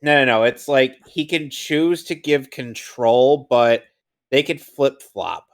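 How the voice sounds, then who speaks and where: A man chatting casually, reacting quickly and asking questions. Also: medium pitch. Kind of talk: casual chat.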